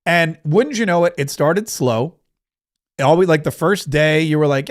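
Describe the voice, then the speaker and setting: A man's voice: on the high side, a little slow. A middle-aged man hosting a casual livestream, rambling and joking as he reads out viewer comments. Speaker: livestream host.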